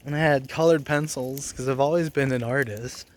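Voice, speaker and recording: A man's voice: mid-range voice, fairly even intonation, normal speed, slight background noise. A man in his forties telling personal stories in a casual vlog, blunt and profane, rambling with bursts of anger. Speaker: vlogger.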